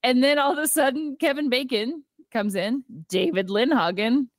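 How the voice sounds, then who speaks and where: A woman's voice: high voice, moderate pace, dry recording, clean studio sound. A woman co-hosting a casual movie podcast, retelling scenes with lots of "like" and acting out the characters' lines. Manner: frequent "like" fillers and laughter. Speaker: podcast co-host. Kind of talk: casual movie recap chat.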